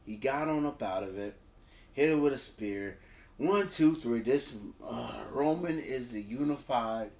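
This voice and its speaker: A man giving a casual spoken review of a wrestling show. He talks loosely, repeats words and restarts, and acts out quotes in a higher voice. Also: a little slow, darkish tone. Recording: roomy echo.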